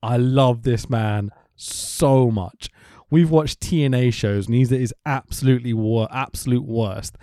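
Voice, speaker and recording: A man co-hosting a podcast, chatting excitably, swearing a lot and laughing often. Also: medium pitch, no room sound, clean studio sound. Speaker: podcast co-host. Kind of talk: casual chat.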